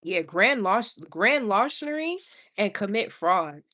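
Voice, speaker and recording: A woman's voice: medium pitch, very animated, takes it slowly, pushed and bright, muffled recording. Young woman, tarot reader, live-stream chat, laughs a lot, slangy.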